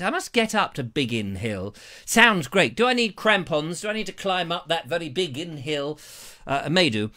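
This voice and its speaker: A man's voice: on the high side, big pitch swings, moderate pace, pushed and bright. A British man hosting a comic live-stream chat, jokey and theatrical, slipping into silly voices and puns while greeting viewers on a lavalier mic. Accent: British English. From England. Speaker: live show host.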